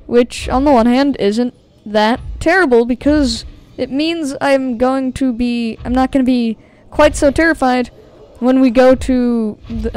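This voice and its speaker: Jumpy woman narrating a game, higher voice. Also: darkish tone. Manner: jumpy and easily startled, repeats phrases nervously; talks to her viewers directly. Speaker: video game streamer. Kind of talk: let's-play gameplay commentary.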